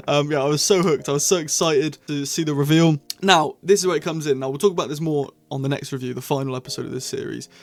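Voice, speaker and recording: A man chatting excitedly as he reviews episodes of a TV series, full of quick asides. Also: a little high. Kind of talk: casual review monologue.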